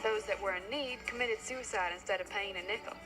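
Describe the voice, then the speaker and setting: A woman's voice: medium pitch, a little fast, natural voice, poor audio. A woman voicing a film narrator over music. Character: grown woman recalling her grandmother. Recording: film soundtrack with music underneath. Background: film score.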